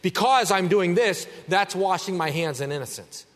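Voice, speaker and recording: A man preaching a sermon as pastor, emphatic, swinging between a raised voice and a hushed one. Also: high voice, animated, moderate pace, big-room sound.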